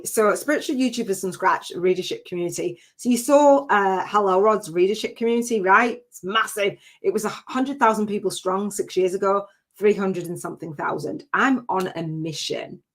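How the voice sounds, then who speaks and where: Brief: woman, spiritual business coach hosting a live masterclass. Energetic, emphatic, rambles freely, mid pitch. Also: normal speed. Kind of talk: live-stream masterclass teaching.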